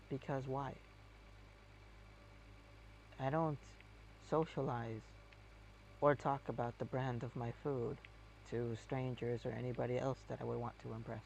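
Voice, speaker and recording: A man's voice: mid-range voice, gravelly, a little mellow, a little hiss or hum. A man chatting casually while playing a game. He rambles and hesitates, with many fillers. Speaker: game streamer.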